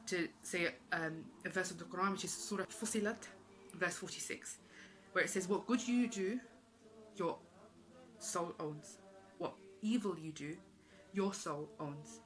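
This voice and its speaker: A woman's voice: lowish voice, moderate pace, a bit bright, poor audio. A woman giving an earnest, emotional religious talk, repeating phrases for emphasis. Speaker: Islamic speaker.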